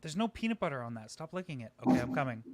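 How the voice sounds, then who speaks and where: A man who is a guest on a live stream, talking from a home microphone in energetic, joking bursts and poking fun at himself. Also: medium pitch. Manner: energetic, joking, talks in quick bursts, self-deprecating. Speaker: guest, aquarium YouTuber. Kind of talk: casual live-stream chat. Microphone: home microphone just set up.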